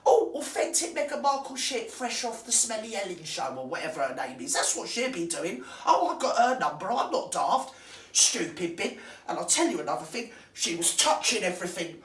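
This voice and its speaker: A woman's voice: mid-range voice, sing-song, fairly quick. Crude, gossiping woman ranting. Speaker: comic character host. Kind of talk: comic rant monologue. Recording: roomy, distant from the mic.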